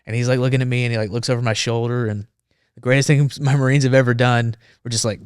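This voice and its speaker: A man's voice: medium pitch, steady tone, fast, clear, resonant tone, no room sound, clean studio sound. A man, a former Marine, telling a story casually and animatedly on a podcast, acting out the dialogue.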